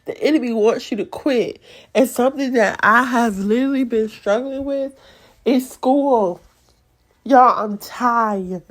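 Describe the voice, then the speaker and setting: A young woman hosts a faith podcast, her voice slightly high and her pace normal. She gives a heartfelt, uplifting devotional, repeating phrases the way a preacher would.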